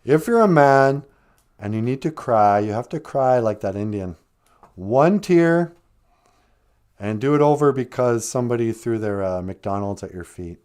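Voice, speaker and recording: Male comedy stream host, playful and jokey, with an animated pitch. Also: a little slow, clear, resonant tone. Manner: joking, playful. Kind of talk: comedic livestream chat.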